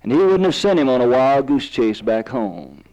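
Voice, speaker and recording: A man's voice: medium pitch, sing-song, moderate pace, dark tone, highs cut off. A man preaching a sermon, telling stories and rising to fervent emphasis.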